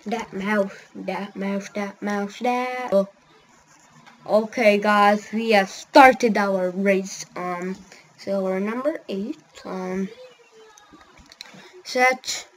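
A woman giving rambling, excitable commentary while playing a racing game, often yelling at what happens on screen. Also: mid-range voice, slight background noise. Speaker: gamer. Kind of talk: gameplay commentary.

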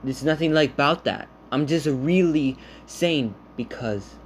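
A man talking casually to his viewers in a halting, rambling way, full of restarts, earnestly reassuring them. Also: on the high side, a little hiss or hum. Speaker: vlogger. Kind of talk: casual talk to camera.

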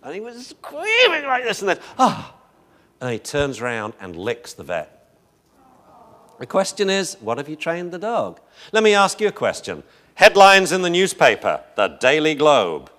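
A man's voice: fairly high pitch, huge pitch swings, moderate pace, a bit bright. A man teaching a class on dog behavior, telling rambling stories and joking with the room. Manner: jokey, rambling storyteller, laughs often. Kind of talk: lecture with anecdotes.

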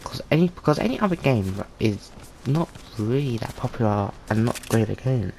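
A man's voice: medium pitch, lively intonation, moderate pace, vocal fry, darkish tone, a little hiss or hum. A man giving loose, rambling gaming commentary for his channel, full of slang and restarts. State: tired. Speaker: gaming video creator.

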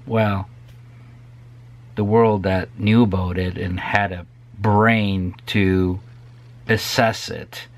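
Slow, low-voiced man ranting passionately. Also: vocal fry. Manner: impassioned, ranting, emphatic repetition. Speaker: guitar maker selling stands. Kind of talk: unscripted monologue to camera.

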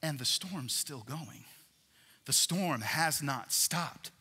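A man preaching a sermon as a pastor, animated, swinging between loud emphasis and hushed passages. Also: fairly high pitch, slow pace, slightly rough, long reverb tail.

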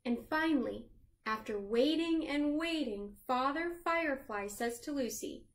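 A woman librarian reading a picture book aloud to children, gently asking them questions along the way. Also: sits high, lively intonation, a little slow. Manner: sings the chorus lines in a lilting voice.

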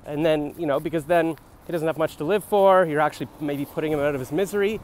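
A man's voice: a little high, fairly even intonation, fast talker, a little mellow, a little hiss or hum. A young man rambling in a comic vlog outdoors on a city street, musing and free-associating, recorded on a handheld phone. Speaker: comedian vlogger.

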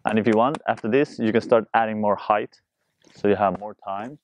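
A man teaching a juggling tutorial, talking fast and loosely while he demonstrates. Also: on the low side, steady tone, slight background noise. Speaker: juggling instructor. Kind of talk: casual spoken tutorial.

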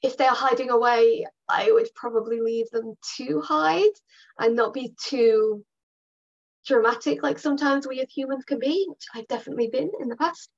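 Woman dog trainer, high voice, chatty and reassuring workshop delivery, lo-fi sound. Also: normal speed. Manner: chatty and reassuring, with fillers and upbeat put-on bits. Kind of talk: online workshop talk.

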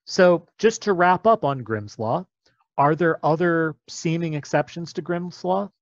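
A man's voice: fairly high pitch, measured pace, dry recording, highs cut off. A man explaining a topic step by step in a patient, methodical lecture.

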